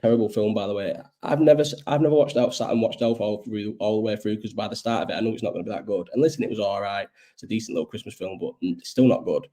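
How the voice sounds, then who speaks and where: A young man talks through a casual live stream, rambling from one thought to the next and swearing freely. He is a bit ill and coughs now and then. His voice sits low and sounds mellow. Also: rapid-fire, hardly any pauses. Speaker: host.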